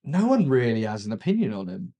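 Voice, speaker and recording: A man co-hosting a podcast, chatting casually, laughing often and agreeing quickly. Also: mid-range voice, big pitch swings, warm tone. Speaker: podcast co-host. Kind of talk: casual chat.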